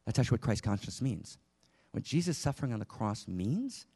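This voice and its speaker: A man's voice: lowish voice, very animated, a little fast, mellow, husky. A man giving an impassioned spiritual teaching talk to a live audience in a room, asking many rhetorical questions.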